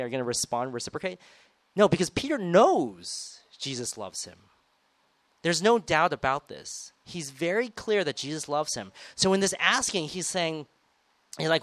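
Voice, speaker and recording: A man's voice: a little high, animated, normal speed, fairly bright tone, no room sound. A man preaching a sermon in a conversational way, retelling scripture and acting out quoted lines with rising emphasis.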